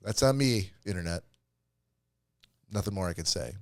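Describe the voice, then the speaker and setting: A man's voice: low voice, animated, moderate pace, no room sound. A man co-hosting a casual comedy podcast, rambling and joking and laughing often. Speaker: podcast co-host.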